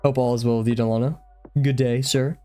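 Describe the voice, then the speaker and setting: A young man live-streams while drawing, chatting casually in a breathless, rambling, easily distracted way. His medium-pitched voice is warm and level, a little fast, with faint music behind him.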